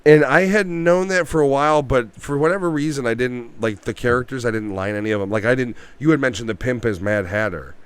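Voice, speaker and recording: A man's voice: mid-range voice, brisk, hardly any pauses, smooth, dry recording. A man co-hosting a casual movie review podcast, swearing freely and acting out scenes. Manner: animated, profane, acts out quotes. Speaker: podcast co-host.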